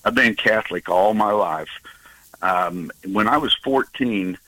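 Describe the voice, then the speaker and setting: A man in his sixties calling in to a talk show and telling a personal story, halting with many fillers and restarts. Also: fairly low pitch, bright, forceful tone, rough recording. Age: 60s. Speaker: caller.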